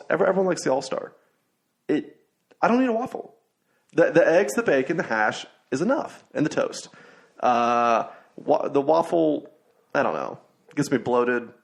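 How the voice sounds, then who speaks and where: A young man hosting a laid-back podcast chat. His voice has a gravelly, fry-edged texture, and he rambles through anecdotes with frequent fillers and restarts. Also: fairly high pitch. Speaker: podcast host. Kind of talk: casual chat.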